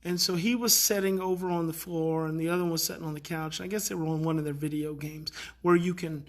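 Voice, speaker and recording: A middle-aged man, a parenting educator, tells a story in a casual, animated way and lets his voice rise to act out the kids' outbursts. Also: on the high side, fast. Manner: animated, acts out kids' outbursts, many fillers.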